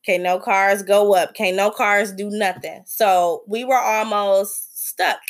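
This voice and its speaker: A woman hosting a podcast, telling a travel story in a blunt, profane, animated way. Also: medium pitch, takes it slowly. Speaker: podcast host. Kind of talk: casual storytelling.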